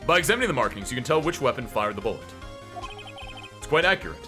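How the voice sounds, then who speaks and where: A man's voice: medium pitch, sing-song, fast talker, over music, pitched below the performer's own voice, close to an everyday voice. A man reading as an earnest young defense lawyer.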